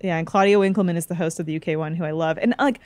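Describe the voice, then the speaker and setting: Canadian woman, casual gaming chat, animated and quick, dry close mic. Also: fairly low pitch, no echo. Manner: animated, quick, puts on mocking voices in retellings. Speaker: show regular. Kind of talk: casual chat over a gameplay stream.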